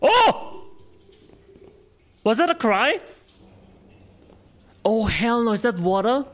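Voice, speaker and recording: A man who is not a native English speaker, streaming a horror game with excitable, exclaiming commentary. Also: very high-pitched, takes it slowly.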